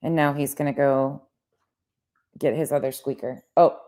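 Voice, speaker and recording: A woman's voice: a bass voice, steady tone, normal speed, warm tone. A woman co-host chatting casually on a live stream, giving amused running commentary and swearing casually.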